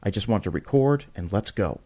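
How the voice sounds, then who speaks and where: Male podcast guest, low-ish voice, chatty storyteller, animated, lots of restarts, jumps up in pitch for quotes. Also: fairly quick, breathy edge. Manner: frequent restarts and repeated words. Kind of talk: casual storytelling.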